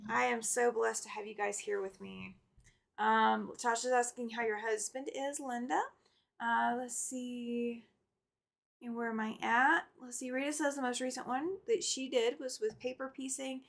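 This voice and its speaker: Woman, middle-aged, quilting livestream host, casual chat, laughs a lot, slightly high pitch. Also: fairly even intonation, measured pace, creaky, fairly bright tone. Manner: chatty, reads viewer comments aloud, laughs often. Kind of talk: casual live chat while sewing.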